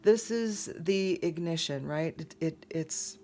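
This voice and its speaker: Tarot reader, woman, low-pitched and chatty, restarts often; faint noise underneath. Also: slow pace, warm tone. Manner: rambling, conversational, frequent fillers and restarts. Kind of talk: casual tarot reading.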